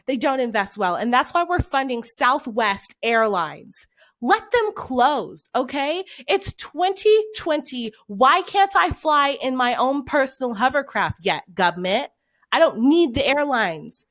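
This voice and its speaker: A woman's voice: high voice, big pitch swings, moderate pace, fairly bright tone. A woman in her twenties, a podcast co-host, delivering an angry, profane, exasperated rant in casual chat. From United States. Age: 20s.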